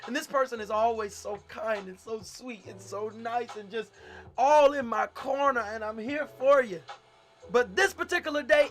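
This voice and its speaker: A male pastor, telling a story in a sermon, animated and swinging between loud and hushed. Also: extremely high pitch.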